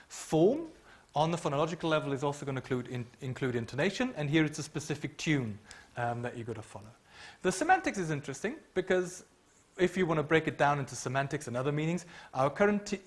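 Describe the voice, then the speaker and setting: A middle-aged man giving a university lecture into a microphone, explaining with frequent ums and humming tunes. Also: fairly high pitch. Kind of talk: academic lecture.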